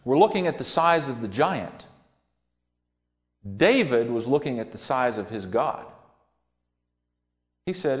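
A man preaching a sermon in a folksy, animated storytelling manner, acting out quotes from scripture stories. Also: medium pitch, measured pace.

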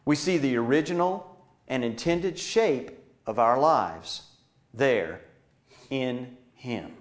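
Earnest male preacher, emphatic then hushed. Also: medium pitch, animated, slow. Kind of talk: sermon.

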